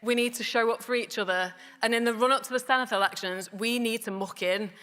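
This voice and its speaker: A woman's voice: on the high side, fairly quick, fairly bright tone, clear, resonant tone. A woman with a Bolton accent giving a rousing conference speech on stage, introducing the next speaker with light jokes. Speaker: party politician introducing a speaker. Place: large conference hall on stage. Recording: long hall reverb, faint crowd.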